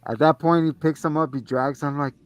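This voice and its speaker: With a fairly high, smooth voice and a slightly fast pace, a man co-hosting a movie review show recounts the plot casually. He swears a lot and performs the characters' lines with animated energy, and there is no room sound.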